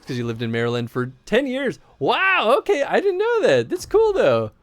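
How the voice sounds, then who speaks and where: A man's voice: high voice, huge pitch swings, moderate pace, dry recording. A man with a light Chicago accent streaming a game, rambling and chatting casually with lots of laughter. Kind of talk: casual live-stream chat.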